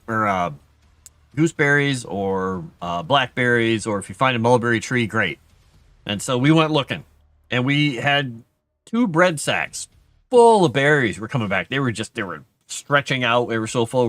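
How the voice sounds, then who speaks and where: A man's voice: a bit bright, no echo. Chatty middle-aged man telling stories. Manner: chatty, self-deprecating, acts out quotes in a higher voice. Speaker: livestream host. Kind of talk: casual storytelling to chat.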